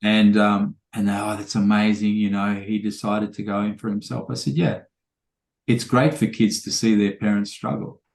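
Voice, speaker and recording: Man, lowish voice, casual rambling storyteller, echoey room. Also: flat delivery, normal speed, creaky, darkish tone. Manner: casual, rambling anecdotes with quoted dialogue. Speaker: trainer. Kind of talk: storytelling in a podcast interview.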